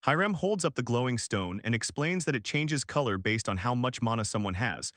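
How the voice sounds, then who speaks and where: A man narrating a comic story recap in a casual, slangy, brisk scripted style. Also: medium pitch, lively intonation, a bit bright, no echo, clean studio sound.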